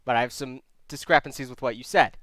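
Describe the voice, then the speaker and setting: A man hosting a casual call-in stream chat, joking and animated, with a voice he describes as low but squeaky. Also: fast talker, no echo. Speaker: host.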